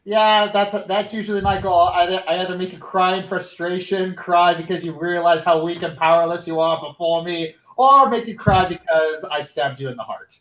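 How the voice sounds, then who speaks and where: A man's voice: high voice, normal speed, hardly any pauses, fairly bright tone, echoey room, a little hiss or hum, rough recording. A man running a tabletop game as game master, chatting casually on a voice call, playful and mock-menacing, laughing often.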